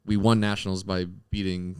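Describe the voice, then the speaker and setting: Smooth, low-voiced man chatting casually. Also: little pitch movement, normal speed, no echo. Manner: easygoing, agreeable, short backchannels. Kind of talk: casual sports chat.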